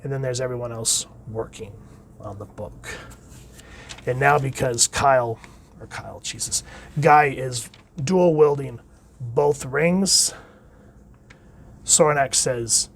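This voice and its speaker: A man hosting a casual solo comic book review. He reads the comic's dialogue aloud with enthusiasm, and his voice often trails off quietly at the end of phrases. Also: mid-range voice, takes it slowly, long pauses, slight background noise.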